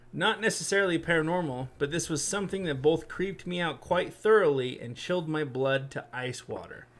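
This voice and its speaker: A man co-hosting a podcast, reading creepy stories aloud in a casual way and breaking off with blunt, joking reactions. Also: fairly high pitch.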